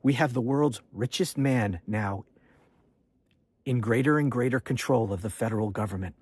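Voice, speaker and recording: A man launches an angry political monologue, accusing and hammering the same refrain over and over. His voice sits at a middle pitch with a husky, slightly rough texture. The sound is dry and close, with no room around it. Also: moderate pace, darkish tone, no echo. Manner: indignant, accusatory, repeated refrains. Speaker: political commentator host. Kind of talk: angry political rant to camera.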